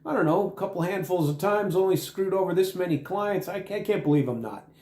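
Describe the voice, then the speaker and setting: Guy doing a whiny lawyer begging at the gates, kinda high, echoey. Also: brisk, darkish tone, natural voice. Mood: indignant. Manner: indignant, pleading. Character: pleading dead male lawyer at heaven's gate.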